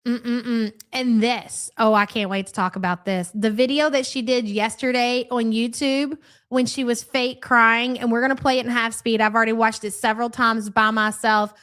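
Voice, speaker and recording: A woman with a slightly high, smooth and a bit bright voice hosts a live reaction stream, reading viewer comments aloud. Her patter is loose and chatty, full of crude, profane mockery, delivered in a steady tone at normal speed with few pauses.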